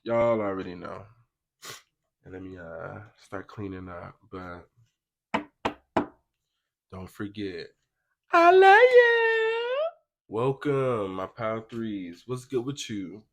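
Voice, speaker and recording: A man's voice: deep voice, slow pace, creaky, pauses often, a little hiss or hum. A young man giving a casual pick-a-card tarot reading, chatty and slangy, talking straight to his viewers. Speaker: tarot reader.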